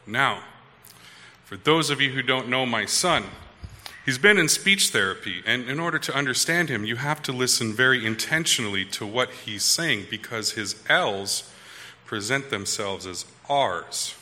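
A pastor in his thirties from Wisconsin tells a story from the pulpit in a loose, conversational way and keeps checking in with his congregation. His voice is very bright and forward. It rings with the long reverb of a church hall. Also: mid-range voice, animated, moderate pace. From Wisconsin, USA. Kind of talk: storytelling sermon.

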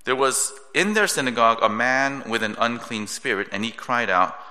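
A male pastor preaching a sermon in a measured teaching tone, often checking in with a rhetorical "right?". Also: medium pitch, pushed and bright. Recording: long reverb of a large hall.

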